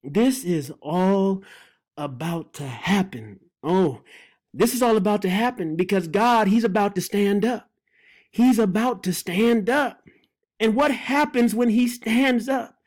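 Fervent, overwhelmed preacher with wide pitch swings. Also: animated, measured pace, darkish tone. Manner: overwhelmed and exclamatory, repeating phrases and praying aloud; laughs and breaks off mid-sentence. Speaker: Bible teacher. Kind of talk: fervent Bible teaching.

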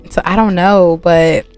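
A woman hosting a gaming channel, chatting casually and laughing as she narrates gameplay to her viewers. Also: lowish voice. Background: soft music.

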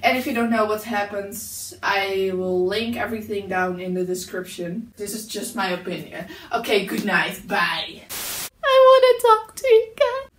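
A woman's voice: mid-range voice, steady tone, moderate pace, hardly any pauses, fairly bright tone, echoey room, far from the mic, slight background noise. A young woman vlogger making casual, muttered offhand asides while she films a parody.

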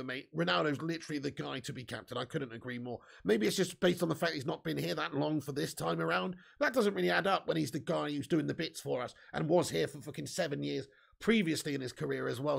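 A man's voice: on the high side, gravelly, a bit bright. A young man hosting a football fan live stream, chatty and casually swearing while reading out viewer comments. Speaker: football fan channel host.

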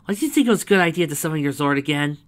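A man's voice: a little high, animated, rapid-fire, pitched above the performer's own voice, lightly acted. A man voicing an exasperated young female ranger.

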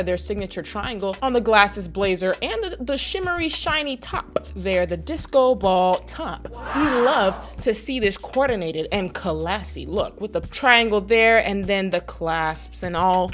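A woman's voice: medium pitch, natural voice. A woman putting on a foreign accent and broken English to play a boastful, self-proclaimed fashion stylist. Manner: haughty, in a put-on foreign accent. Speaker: vlogger. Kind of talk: comedic persona sketch.

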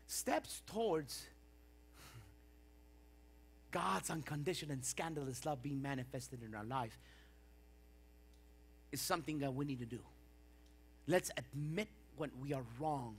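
A middle-aged male pastor preaching a sermon in a church, swinging between quiet reflection and impassioned bursts. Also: fairly high pitch, a little slow, pauses often, breathy edge. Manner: impassioned preaching with rising and falling intensity.

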